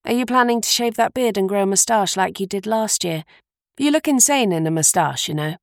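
A woman's voice: mid-range voice, lively intonation, fairly quick, no echo, studio quality, natural voice. A woman reading the lines of a blunt, teasing young policewoman in an audiobook.

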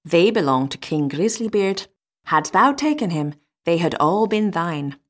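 A woman's voice: fairly low pitch, animated, a little slow. A woman voicing a blunt travelling fiddler who scolds his new wife, in a storybook reading. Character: gruff travelling fiddler, a disguised king.

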